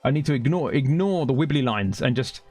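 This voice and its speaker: Husky London-accented male game streamer. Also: mid-range voice, expressive, fairly quick, darkish tone. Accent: London English. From Britain. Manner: rambling, chatty, talks to chat while playing. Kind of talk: live gaming stream chatter.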